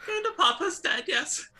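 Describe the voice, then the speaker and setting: A woman voicing a timid, chubby little male goblin paladin in a squeaky, giggly voice. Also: lively intonation, unhurried, bright, forceful tone, full character voice.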